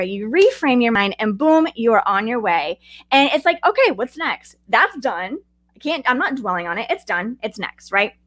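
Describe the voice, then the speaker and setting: Lively woman hosting a talk podcast. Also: on the high side, no echo. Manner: animated, chatty, addresses listeners directly. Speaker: podcast host. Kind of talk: teaching talk with personal stories.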